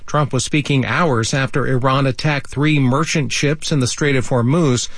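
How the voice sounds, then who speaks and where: A man reading a radio newscast in a measured, even way from a studio. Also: mid-range voice, breathy edge, dry recording. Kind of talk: news reading. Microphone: studio microphone. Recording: dry studio sound.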